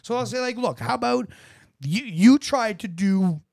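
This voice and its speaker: A man's voice: sits high, expressive, moderate pace, creaky, darkish tone, no echo, clean studio sound. A man in casual chat, rambling and profane, acting out quoted lines.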